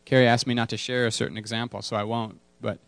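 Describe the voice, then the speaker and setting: A man's voice: medium pitch, level tone, fast talker, gravelly, dry recording. A man preaching a casual sermon to his congregation, candid and self-deprecating, repeating key words for emphasis. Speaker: pastor.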